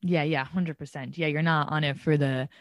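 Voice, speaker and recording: A woman's voice: low voice, fairly even intonation, normal speed, no echo. A young woman hosting a podcast, chatting casually, swearing freely and laughing often. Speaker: podcast host. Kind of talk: casual chat.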